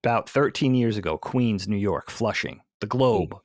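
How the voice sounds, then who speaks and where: A man from the Philadelphia area telling an animated story in casual podcast chat. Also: fairly low pitch, dry recording, clean studio sound. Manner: animated storyteller, quick asides. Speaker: podcast co-host.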